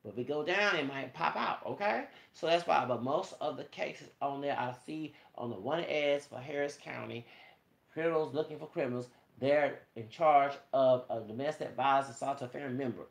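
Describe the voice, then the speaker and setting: Male vlogger, gravelly, lectures his audience in a cussing, sermon-like rant. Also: medium pitch, moderate pace, reverberant. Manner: preachy, profane, addresses viewers as y'all. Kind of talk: ranting monologue to viewers.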